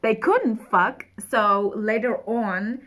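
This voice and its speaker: A woman's voice: fairly high pitch, takes it slowly, a bit bright. A young woman in casual chat, bluntly mocking a book she read. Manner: blunt, mocking, laughs often. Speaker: book reviewer.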